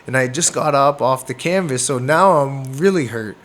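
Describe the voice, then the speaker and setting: A man from Canada, a boxer, telling a fight story in a casual interview, animated and acting out moments with sound words. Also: mid-range voice, moderate pace. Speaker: boxer guest.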